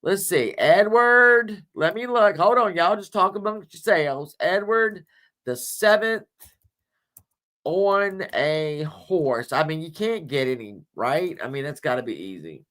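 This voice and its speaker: A woman's voice: on the low side, expressive, takes it slowly, fairly bright tone. A woman hosting a livestream, chatting casually about history with viewers, rambling and chuckling with crude asides. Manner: searching images on screen while talking. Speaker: livestream host. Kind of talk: casual history chat with live chat.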